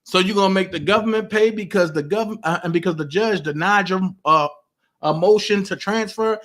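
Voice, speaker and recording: A man hosting a casual commentary monologue, animated and taunting as he reads out legal papers. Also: sits high, normal speed. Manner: animated, taunting, reading legal text aloud. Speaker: political commentary host.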